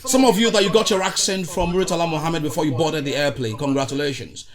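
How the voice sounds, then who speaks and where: A man's voice: fairly high pitch, quick pace, crowd noise. Hyped Nigerian man hosting a podcast. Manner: showy, exuberant, mixes in Nigerian Pidgin. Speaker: podcast host. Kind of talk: hype podcast intro. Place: recorded studio in Ottawa.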